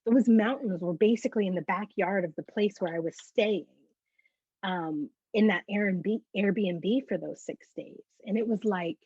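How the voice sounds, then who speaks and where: A woman guest giving a personal faith testimony as an animated storyteller who acts out the conversations she recounts. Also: medium pitch, measured pace, slightly rough, no room sound. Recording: muffled lo-fi dry recording.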